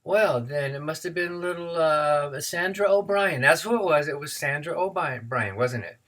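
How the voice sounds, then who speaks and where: A man's voice: fairly high pitch, animated, moderate pace, voice pushed up. A man voicing a parish priest who coaxes and probes during a confession. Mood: coaxing. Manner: soft, coaxing, inquisitive. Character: probing, soft-spoken parish priest, middle-aged man.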